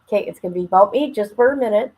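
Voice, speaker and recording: A woman's voice: medium pitch, very fast, warm tone, slightly rough, poor audio. A woman hosting a casual livestream from home on her phone, rambling and emotional as she talks to her chat. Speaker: livestream host.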